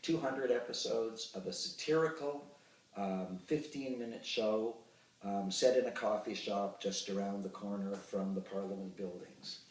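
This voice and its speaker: A man in his sixties, an actor telling expressive anecdotes with hesitant fillers in an interview. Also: lowish voice, a little slow. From Ottawa, Canada. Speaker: actor and puppeteer, interview guest. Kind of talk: reminiscing interview. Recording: roomy sound, distant from the mic.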